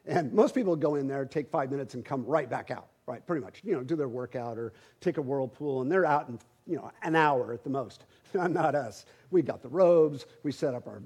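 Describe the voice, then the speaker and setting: A man's voice: on the high side, a little mellow, husky. A middle-aged man, a pastor, preaching a sermon through a humorous, conversational personal story, often repeating words as he starts sentences.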